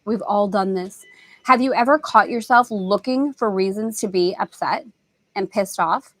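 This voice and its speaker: A woman's voice: medium pitch, normal speed, a bit bright, dry recording. A middle-aged woman hosting a spiritual lesson talk, telling stories with animation and acting out family voices. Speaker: host.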